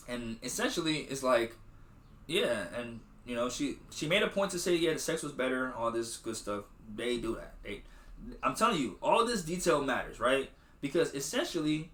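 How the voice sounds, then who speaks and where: A man's voice: mid-range voice, very animated, moderate pace, fairly bright tone, reverberant. A man hosting a podcast, recapping a movie in loose slangy chat full of swearing and acted-out quotes. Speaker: podcast host.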